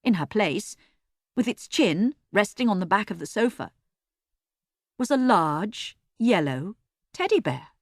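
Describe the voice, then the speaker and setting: Expressive woman narrating a storybook. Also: medium pitch, unhurried, pauses often, no echo, clean studio sound. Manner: expressive, lively reading. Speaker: audiobook narrator.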